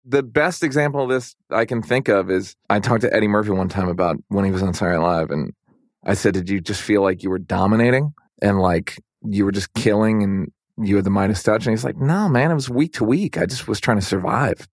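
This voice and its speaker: Low-voiced man, loose rambling chat. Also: a little fast, dry recording, studio quality. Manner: loose and rambling, heavy use of "like". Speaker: guest. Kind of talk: casual podcast conversation.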